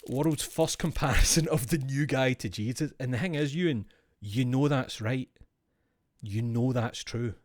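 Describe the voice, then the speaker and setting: A man's voice: medium pitch, a little slow, darkish tone, no room sound. A man streaming, chatting casually in a rambling, profane, jokey way.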